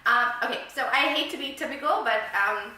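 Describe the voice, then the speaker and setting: A South African woman vlogs to camera in a casual, rambling way, laughing at herself, her voice high and fairly quick. The mic is far off in a very echoey room, with heavy background noise.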